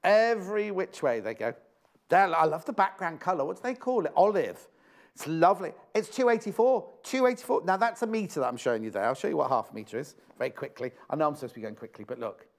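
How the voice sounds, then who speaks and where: A man's voice: fairly high pitch, animated, quick pace, gravelly. A British man presenting a live TV shopping show, chatty and exclamatory, repeating prices and phrases. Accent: British English.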